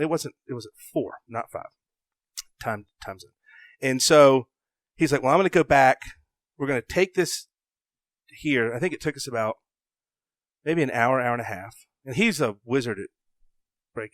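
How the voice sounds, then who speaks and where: A young adult man from the South, a podcast guest telling a story in an animated way. He swings from loud bursts to hushed asides and acts out his own thoughts. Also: medium pitch, no echo. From American South.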